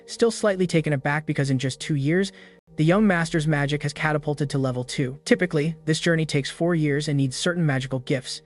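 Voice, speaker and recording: A man narrates a fantasy recap in first person, his voice sitting a little high for a man. The delivery is steady and scripted throughout. A faint music bed plays under him. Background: background music.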